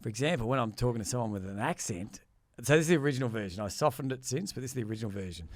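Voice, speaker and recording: A man co-hosting a podcast, swearing freely and joking. His pitch swings a lot as he tells stories, and the sound is dry and close to the mic. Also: expressive, very fast, no room sound. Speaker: podcast co-host. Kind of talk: crude casual banter.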